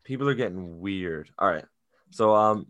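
A young man chats loosely on a podcast, swearing and joking at his own expense. His voice sits fairly low. The sound is dry and close. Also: lively intonation, normal speed, a bit bright, dry recording, dull audio. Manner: swearing, self-deprecating storyteller. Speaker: podcast co-host. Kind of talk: casual chat and anecdote.

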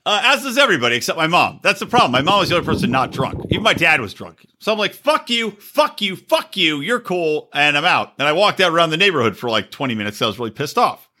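Bright, lively man trading crude jokes. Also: fairly high pitch, very fast, hardly any pauses, slightly rough. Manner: profane, teasing, laughs often. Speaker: podcast host. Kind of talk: crude casual banter.

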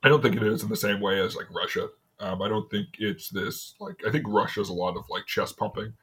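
A man's voice: lowish voice, fairly even intonation, brisk, a bit bright, husky. A man from in casual chat, telling stories with lots of restarts and frequent laughter. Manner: rambling storyteller, laughs often, many restarts. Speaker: city worker, podcast guest.

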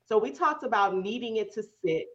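A woman's voice: fairly high pitch, expressive, normal speed, lo-fi sound. A woman hosting a casual interview, prompting her guest with encouraging questions. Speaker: podcast host.

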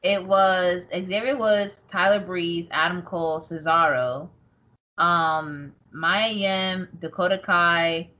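Bright-voiced joking woman podcaster. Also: on the low side, fairly even intonation, takes it slowly, muffled recording. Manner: joking, profane, laughs often. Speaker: podcast co-host. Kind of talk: casual chat.

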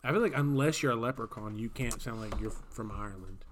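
A man's voice: fairly low pitch, fast talker, a bit bright, a little hiss or hum. A man co-hosting a casual podcast, joking and rambling. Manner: jokey, rambling, playful put-on voices. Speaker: podcast co-host. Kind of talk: casual chat.

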